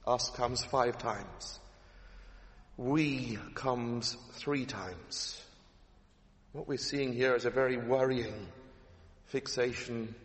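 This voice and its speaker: A man preaching a sermon, emphatic, repeating his key phrases and asking rhetorical questions. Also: medium pitch. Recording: echoey hall with long reverb.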